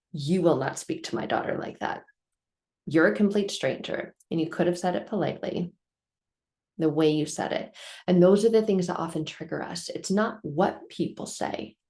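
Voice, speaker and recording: A woman's voice: lowish voice, darkish tone. Earnest woman telling a personal story. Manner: earnest, emphatic, repeats phrases for effect. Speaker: vlogger telling a life lesson.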